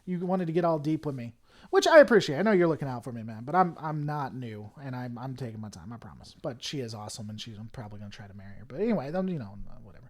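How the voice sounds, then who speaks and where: A young man from Tennessee, US, with a Southern accent talks fast in a mid-range, sing-song voice while hosting a casual livestream and answering viewers. He rambles, using many fillers and restarts, and grows heated before becoming apologetic.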